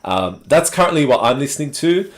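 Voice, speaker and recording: An Australian man hosting a casual live chat stream and talking to viewers in a relaxed, rambling way with many fillers. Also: on the high side, fairly quick.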